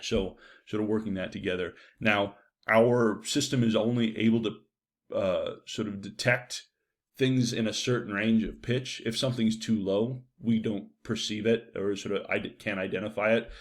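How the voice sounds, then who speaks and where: A man's voice: on the low side, fairly even intonation, normal speed. A man giving a university psychology lecture in a loose, conversational way, with frequent fillers and "right?" checks.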